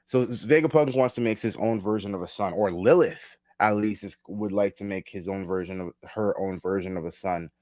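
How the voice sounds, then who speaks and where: A man hosting a live manga reaction, casually thinking aloud, restarting his sentences and reading panels out loud. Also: lowish voice, normal speed, hardly any pauses, dry recording, clean studio sound. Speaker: reaction video host.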